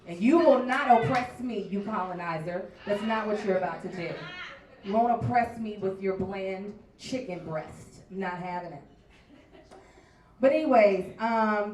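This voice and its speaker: A woman performing a stand-up set, telling her stories in a brash, loud way with big swings in volume. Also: mid-range voice, distant mic. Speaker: stand-up comedian. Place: bar comedy stage before a live crowd. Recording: echoey bar room recorded from afar.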